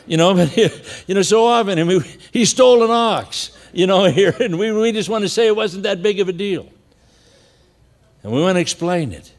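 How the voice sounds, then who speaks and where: A man's voice: high-pitched, animated, normal speed, in a large hall. A man preaching a sermon in a conversational storytelling way, chuckling now and then. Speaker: pastor.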